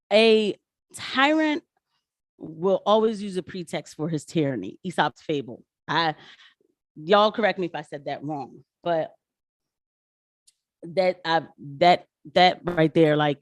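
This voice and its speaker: A woman's voice: sits low, no echo, clean studio sound. Slangy woman chatting live with viewers. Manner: chatty, slangy, animated, addresses viewers as y'all. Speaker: political commentator livestreaming. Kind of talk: casual livestream talk.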